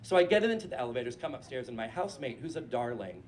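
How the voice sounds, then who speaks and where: A man in his forties from New Hampshire, telling a casual, profane and animated story on stage before a live audience. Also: medium pitch, rapid-fire, slight background noise.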